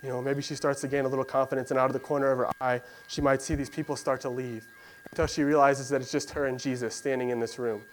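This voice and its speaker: Male preacher, mid-pitched, casual storytelling sermon, light hum under the voice. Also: level tone, fast talker, low-quality recording. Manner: conversational storytelling with fillers, acts out voices of biblical figures.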